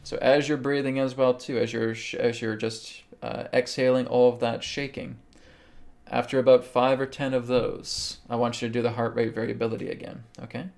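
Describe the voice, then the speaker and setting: A man hosting a live show, calmly guiding a healing meditation and answering viewers' questions, often checking in with "okay". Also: mid-range voice, normal speed, creaky. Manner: calm, instructive, repeats okay. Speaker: host and spiritual healer.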